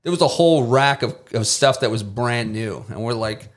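A man's voice: mid-range voice, normal speed. A man who is a former Marine and contractor, telling stories casually as a guest and acting out quoted lines in a raised voice. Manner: animated storyteller who acts out quotes in a raised voice. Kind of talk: casual storytelling in a podcast interview.

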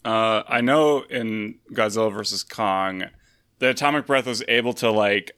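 Easygoing guy on a podcast, bright voice, laughs at his own bits. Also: fairly low pitch, unhurried, clear, resonant tone. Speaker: podcast panelist. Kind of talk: casual panel chat.

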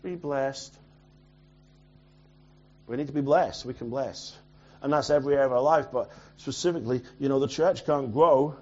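A man preaching a sermon as a pastor, swinging from loud urgent lines to quiet near-mutters. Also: mid-range voice, a little fast, slightly rough, muffled recording.

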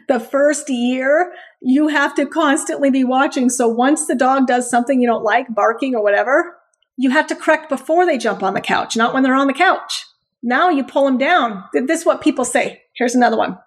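A woman giving a blunt, animated talk as a dog trainer hosting a show, laughing often. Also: high-pitched, normal speed. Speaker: dog trainer and podcast host. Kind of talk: instructional talk.

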